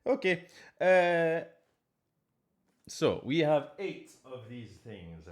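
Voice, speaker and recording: A man's voice: fairly high pitch, very animated, drawn-out words. A man, chatting casually on a live stream, reading chat and making playful, mock-grand pronouncements.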